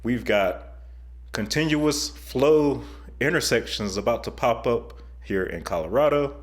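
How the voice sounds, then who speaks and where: A man hosts his online show with chatty, excited commentary over video clips. He jokes often, and his voice sits at a middle pitch. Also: unhurried. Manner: chatty, enthusiastic, joking. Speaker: YouTube host.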